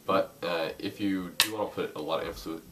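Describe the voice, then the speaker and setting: Young male teacher, deep voice, casual and hesitant, slightly off-mic. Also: steady tone, brisk, distant mic. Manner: hesitant, many ums and uhs. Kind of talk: casual spoken lesson over a board. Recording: faint noise, voice a bit off-mic.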